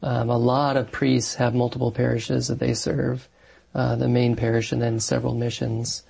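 Gravelly husky-voiced priest, a man. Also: mid-range voice, flat delivery, moderate pace, a little mellow. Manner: earnest, thoughtful, with frequent fillers and restarts. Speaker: married Catholic parish priest, guest. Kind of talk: conversational interview answers.

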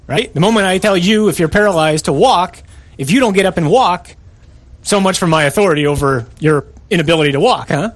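Man, preacher, sermon, emphatic, rhetorical questions, slightly high voice. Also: expressive, quick pace.

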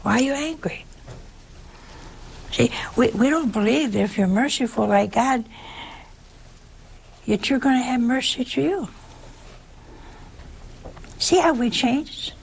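A woman's voice: fairly high pitch, measured pace, vocal fry, long pauses, a little hiss or hum. An older woman giving a conversational sermon, emphatic and full of rhetorical questions. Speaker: preacher.

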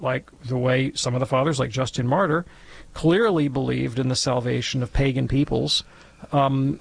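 A man's voice: medium pitch, creaky, husky, no room sound. A man speaking as a guest theologian on a call-in radio show, lecturing in an academic, wry way.

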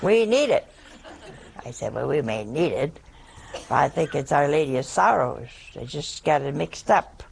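An older woman telling a personal story in a slow, wry, deliberate way. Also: rumbling low, gravelly, a little hiss or hum.

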